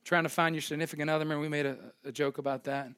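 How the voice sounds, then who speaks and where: A man's voice: on the high side, little pitch movement, very fast, a bit bright, clear, resonant tone. A young man preaching a sermon as pastor, conversational and emphatic, joking with his congregation.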